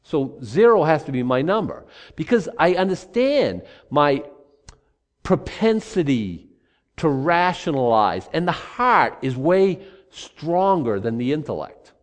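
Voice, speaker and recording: A middle-aged male preacher with a fairly high voice that swings widely in pitch. He preaches loosely and animatedly, slipping into the voices of people talking themselves into excuses. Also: slow. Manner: animated, acts out rationalizing voices. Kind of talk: sermon.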